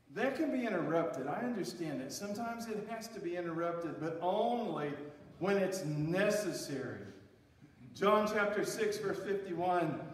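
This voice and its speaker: A man preaching a sermon as pastor, rising and dropping for emphasis as he reads and explains scripture. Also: on the high side. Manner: preaching with emphatic rises and drops. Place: church sanctuary. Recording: echoey hall, voice from far off.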